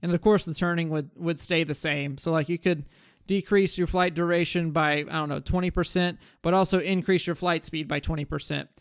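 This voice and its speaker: A man's voice: on the high side, fairly even intonation, brisk, clean tone, no room sound, clean studio sound. A man talking casually about changes he wants in a game, rambling with fillers and restarts as he thinks aloud. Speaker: gaming content creator. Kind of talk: casual gaming commentary.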